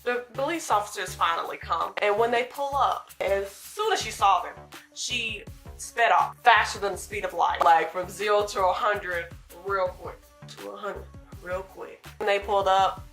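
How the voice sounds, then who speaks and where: Animated woman telling a storytime vlog. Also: medium pitch, moderate pace, soft background music. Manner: animated, dramatic retelling with acted-out quotes. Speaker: retail store worker.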